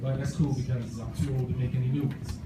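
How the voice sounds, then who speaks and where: A man doing a stand-up comedy set at an open mic, telling animated stories and acting out his friends' voices. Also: medium pitch, quick pace, loud music behind the voice. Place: small comedy club stage. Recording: echoey room, far mic, noisy.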